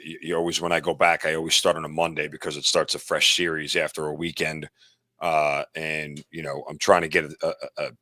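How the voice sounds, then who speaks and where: Very deep-voiced blunt betting analyst, a man. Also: sharp tone, dry recording, clean studio sound. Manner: blunt, self-deprecating, talks through stats. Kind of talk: casual sports betting talk.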